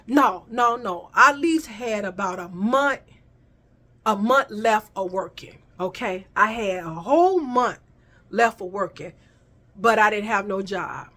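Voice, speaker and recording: A woman's voice: medium pitch, measured pace. A woman vlogger telling a personal story in casual chat, talking straight to her viewers. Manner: animated storytelling, addresses viewers as y'all.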